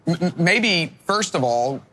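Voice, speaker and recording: A man's voice: a little high, expressive, unhurried, sharp tone. A middle-aged male pastor preaching a sermon in an earnest, emphatic way, often restarting his words.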